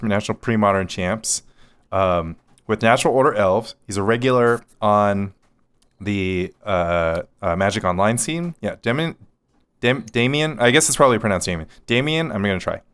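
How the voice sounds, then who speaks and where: A man with a low, smooth and clear voice, chatting casually as a podcast co-host. He teases his partner dryly and laughs often. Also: fairly bright tone. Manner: dry, teasing, laughs often. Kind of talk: casual chat.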